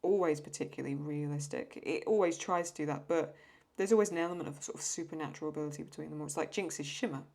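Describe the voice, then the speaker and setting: A woman's voice: low-pitched, fast, creaky, few pauses, a little mellow. Chatty English woman drawing on stream. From England. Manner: chatty, rambling, self-talk. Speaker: host. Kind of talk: casual chat while drawing.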